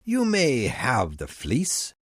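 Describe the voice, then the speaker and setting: A man voicing a scheming king who hides his anger behind a slow, falsely friendly tone in an audiobook. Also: fairly high pitch, lively intonation, no room sound, studio quality, voice pushed up. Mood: falsely calm. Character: scheming male king feigning calm.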